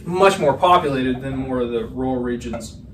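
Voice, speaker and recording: A man's voice: mid-range voice, normal speed, slight background noise. Young man, rambling and profane, roomy room sound, distant mic. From Pennsylvania, USA. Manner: animated, rambling storyteller, swears freely. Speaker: podcast co-host. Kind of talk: casual chat.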